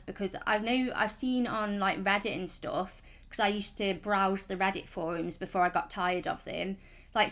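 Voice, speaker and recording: A woman's voice: medium pitch, a bit bright. A woman, talking casually in a vlog, chatty and rambling, frank and reassuring. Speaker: vlogger.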